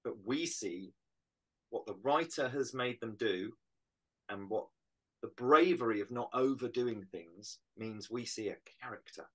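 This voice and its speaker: A middle-aged British man, an actor, talking through his craft in a casual interview, animated and reflective. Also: mid-range voice, measured pace. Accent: British English. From Britain. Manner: animated, reflective, explains with images. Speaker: actor guest. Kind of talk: casual interview on a video call.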